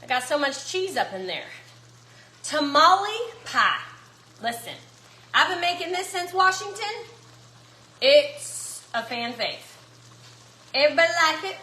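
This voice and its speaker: Lady cooking, bright high voice, chatty and folksy, echoey kitchen. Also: big pitch swings, measured pace, long pauses. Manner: chatty, folksy, talks to viewers as y'all. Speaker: cooking vlogger. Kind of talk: casual cooking chat.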